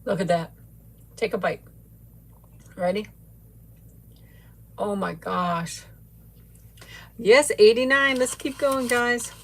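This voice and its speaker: A woman's voice: medium pitch, fairly even intonation, slow pace, pauses often. A middle-aged woman hosting a casual livestream, tasting a sweet and gushing thanks to viewers by name with frequent giggles. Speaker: livestream host. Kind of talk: casual live chat and food tasting.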